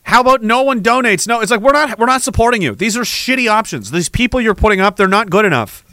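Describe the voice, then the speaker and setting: A man's voice: high voice, expressive, fast talker, sharp tone, no room sound. A man hosting a podcast, ranting in an angry, profane, sarcastic way. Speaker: podcast host.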